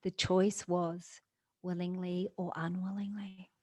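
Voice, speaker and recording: A woman telling a personal story in an earnest, emotional way, with soft laughs between phrases. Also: lowish voice, flat delivery, slow. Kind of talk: personal testimony.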